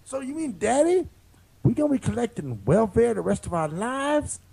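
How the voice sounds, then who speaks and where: A man's voice: very high voice, sing-song, normal speed, gravelly, mellow, slightly rough, exaggerated voice. A man voicing a whiny, naive young son in an improvised comedy sketch, asking his father pleading questions.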